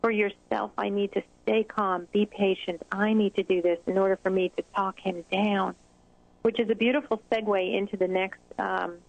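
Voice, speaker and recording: A woman's voice: mid-range voice, steady tone, moderate pace, vocal fry, no echo. A woman hosting an interview in an encouraging, conversational way with many fillers. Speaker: interview host, child anxiety specialist. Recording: dull, dry lo-fi audio.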